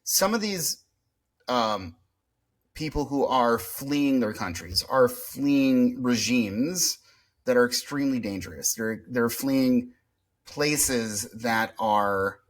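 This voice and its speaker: A man's voice: mid-range voice, animated, slow. A man co-hosting a podcast in casual, reflective chat, with hesitations and some swearing. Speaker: podcast co-host.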